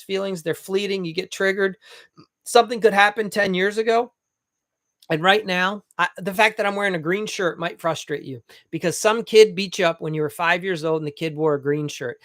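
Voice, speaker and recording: Remodeling coach guy, kinda high voice, blunt and chatty, dry close sound. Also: a little fast, a bit bright, no room sound. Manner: blunt, folksy, acts out little dialogues. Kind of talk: casual coaching monologue.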